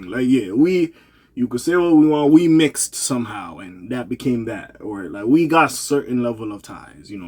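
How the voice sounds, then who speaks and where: Husky dude doing casual commentary, kinda tired and yawny, slangy and cussing, voice bouncing up and down. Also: male voice, fairly low pitch. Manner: loose, slangy, profane, with laughs and self-corrections. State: tired, yawning. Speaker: commentary vlogger.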